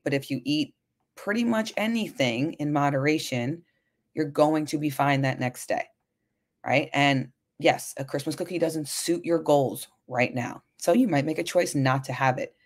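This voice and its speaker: A woman's voice: extremely low pitch, a little mellow. A woman lifestyle coach hosting a solo podcast, talking frankly and casually, often checking in with "right?". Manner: chatty, frank, frequent "right?" and swearing.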